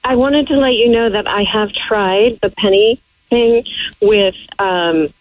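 A woman calling in to a radio show and chatting in an easygoing way. Her voice is a little husky and comes through a thin, tinny phone line. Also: medium pitch, a little slow, dry recording. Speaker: caller.

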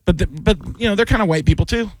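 A man's voice: high voice, fast talker, no room sound. A man hosting a radio show, joking and teasing in casual banter.

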